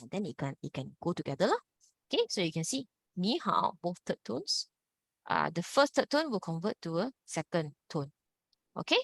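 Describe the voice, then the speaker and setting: A woman's voice: fairly low pitch, no echo. Patient woman teaching Mandarin. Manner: patient, repetitive drilling with "ah" and "lah" tags. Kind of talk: online language lesson.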